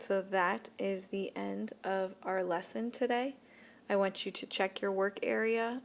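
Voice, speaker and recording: A woman teacher giving a recorded lesson to young students, talking slowly and carefully and repeating each word. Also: mid-range voice, vocal fry. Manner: slow, deliberate, repeats words for young students. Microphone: tablet microphone.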